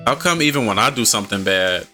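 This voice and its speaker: A man reading the lines of a shy, anxious teenage girl from a visual novel game, in a lower, quieter voice than his own. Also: lively intonation, quick pace, faint music behind.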